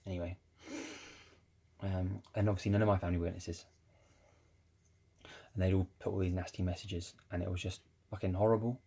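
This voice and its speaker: A man's voice: sits low, little pitch movement, brisk, creaky, pauses often, dark tone, slightly rough. A man telling a rambling, casual story about his family, swearing now and then. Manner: rambling, with many restarts and swearing. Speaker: ex-Jehovah's Witness vlogger.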